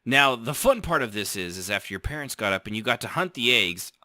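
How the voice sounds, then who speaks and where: A man's voice: medium pitch, big pitch swings, fairly quick, sharp tone, no room sound. A man hosting a casual podcast chat, joking around, telling stories and laughing often. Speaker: podcast host.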